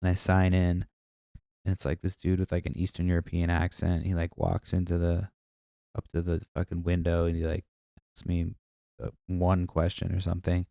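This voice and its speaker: Gravelly deep-voiced man rambling casually. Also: completely flat delivery, moderate pace, dark tone, no echo, clean studio sound. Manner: profane, meandering storytelling with many fillers. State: stuffy nose. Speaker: podcast host.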